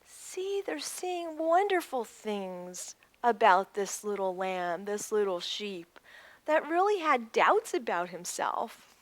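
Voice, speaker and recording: A woman's voice: mid-range voice, takes it slowly, dry recording. A woman reading a picture book aloud to children, stopping to add lessons and asides. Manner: animated, with teaching asides. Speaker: children's story-time reader.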